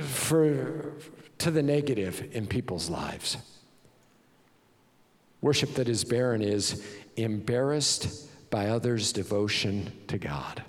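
A male pastor preaches with a lively voice that swings up and down in pitch. He drives his points home with rhetorical questions, and his voice rings with a long reverb in a church hall. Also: creaky. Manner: emphatic and animated, with rhetorical questions. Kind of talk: sermon.

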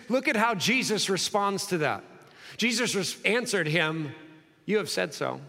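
A man preaching an expository sermon, acting out the dialogue and dropping low and slow for emphasis. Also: pushed and bright. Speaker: pastor. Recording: long hall reverb.

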